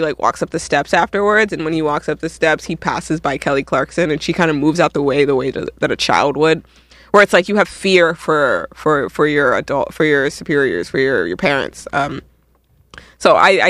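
Young man, casual music video commentary, bright high voice, laughs a lot, dry close sound. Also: no room sound. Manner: animated, laughs often, self-interrupting.

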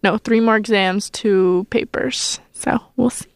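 A woman's voice: mid-range voice, steady tone, unhurried, clean tone, no echo. A young woman in her twenties hosting a college radio show, chatting casually and self-consciously, with lots of rambling and fillers. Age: 20s. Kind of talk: casual on-air chat.

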